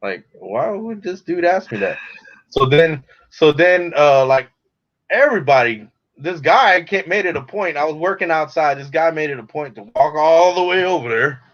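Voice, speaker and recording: A man's voice: on the high side, expressive, normal speed, a bit bright. Laid-back man telling a story. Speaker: guest. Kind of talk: casual storytelling chat. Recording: dull lo-fi call audio.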